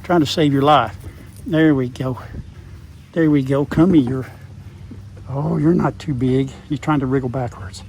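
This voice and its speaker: A man's voice: medium pitch, fairly even intonation, measured pace, long pauses, darkish tone, slight background noise, rough recording. An older man chatting casually outdoors on his farm, talking to his dogs and to the camera as he goes. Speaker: farm vlogger.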